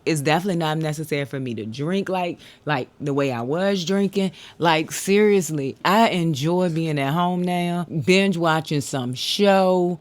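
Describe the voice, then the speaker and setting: A middle-aged woman, chatting casually to viewers in a late-night home vlog and laughing often. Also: low-pitched. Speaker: vlogger. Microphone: handheld pocket camera.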